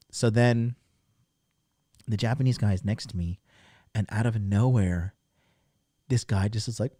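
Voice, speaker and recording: A man hosting a livestream, telling a crude story to his chat in a casual, animated way, swearing freely. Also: lowish voice, dry recording. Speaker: livestream host. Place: lived abroad in Japan.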